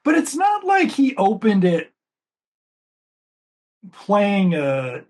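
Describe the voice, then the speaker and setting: Chatty, fairly high-voiced man. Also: huge pitch swings, drawn-out words. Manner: chatty, rambling, swears casually. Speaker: podcast co-host. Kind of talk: casual movie commentary.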